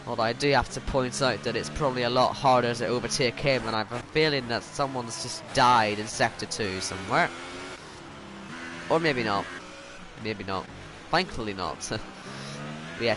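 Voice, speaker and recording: Things keep going wrong in his online racing game, and this man commentates live with self-mocking exasperation. His voice is medium in pitch with a fairly bright tone, backed by the game's racing car engine noise.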